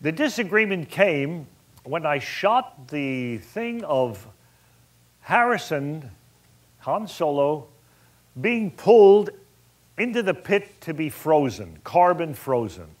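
Male director, raconteur type, slightly high and very expressive delivery. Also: slow. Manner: animated, colorful storyteller who acts out dialogue. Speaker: film director. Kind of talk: anecdotal storytelling to an audience.

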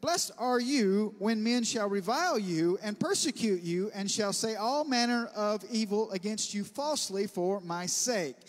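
A man, preaching a sermon as pastor and telling stories in an animated way, calling the congregation for amens. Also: high-pitched, unhurried, few pauses. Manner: animated storytelling, bursts of loud laughter; preacher who calls for amens. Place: church sanctuary. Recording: long church-hall reverb.

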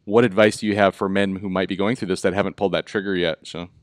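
A man's voice: deep voice, steady tone, fast talker, no room sound, clean studio sound. A man with a Minnesota accent hosting a live online talk show, chatty and upbeat, with lots of fillers. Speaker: host. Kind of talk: casual live show chat.

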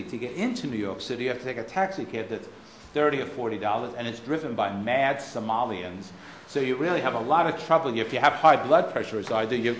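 An American man with a faded Boston accent giving a keynote lecture, a wry, digressive storyteller with blunt asides. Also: mid-range voice. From United States. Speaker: keynote speaker. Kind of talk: anecdotal lecture. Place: lecture hall. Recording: roomy hall with faint noise.

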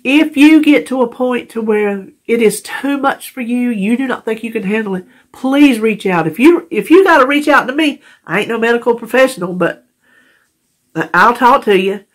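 A woman's voice: on the high side, lively intonation, normal speed. A middle-aged woman from North Carolina, talking tearfully and rambling in a heartfelt casual vlog, stumbling over words and laughing often. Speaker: vlogger.

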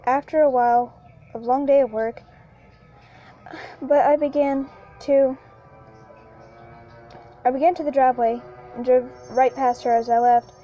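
High, mellow woman narrator for a halting, restart-heavy horror reading, dull lo-fi track. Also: fairly even intonation. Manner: halting, with frequent restarts and repeated lines. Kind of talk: first-person horror story reading. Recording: lo-fi with faint background music.

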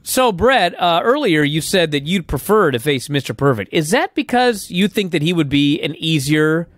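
Man doing a pushy, needling older interviewer, pitched well above his own voice, with lively swoops in his delivery and a tight, dry sound with no room echo. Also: moderate pace. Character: pushy older male wrestling interviewer stirring trouble.

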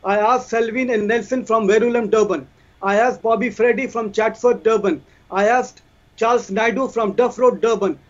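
A man's voice: sits high, fairly even intonation, moderate pace. A man presenting his side in a debate. He asks repeated rhetorical questions and recites scripture in Arabic. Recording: dull lo-fi stream audio.

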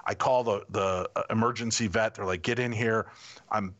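A middle-aged man, a podcast guest, telling a personal story in a lively way and acting out what people said. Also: fairly low pitch, moderate pace, muffled recording. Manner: animated anecdotal storytelling, acting out quotes. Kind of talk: casual storytelling.

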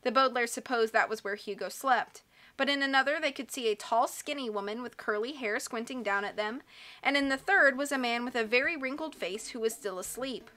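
A woman reading a storybook aloud as narrator with steady, clear delivery. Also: a little high, brisk, faint music behind. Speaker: audiobook reader.

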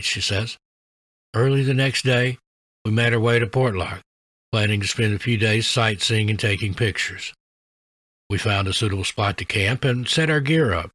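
A man in scripted narration, telling spooky stories in a measured, even delivery. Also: mid-range voice, no echo.

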